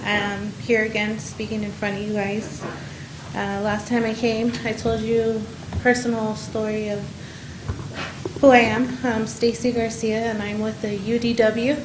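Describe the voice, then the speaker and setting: A woman making a public comment at a county meeting as a home care provider, frustrated and pleading, speaking haltingly into a podium microphone. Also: medium pitch. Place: council chamber. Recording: echoey meeting room with faint noise.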